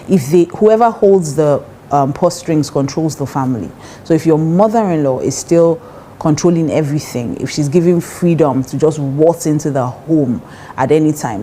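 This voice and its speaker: A woman with a Nigerian accent gives relationship advice in a casual yet emphatic way, frequently acting out the voices of the people she quotes. Her voice sits low with a dark tone, and there is slight background noise.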